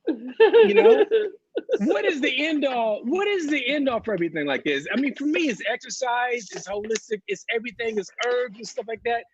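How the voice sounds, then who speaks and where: A man's voice: extremely high pitch, animated, moderate pace, lo-fi sound, slight background noise. A man in his thirties doing a loose, profane stand-up set over a video call from home, laughing through his stories. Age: 30s. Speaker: stand-up comedian. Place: home, on a couch.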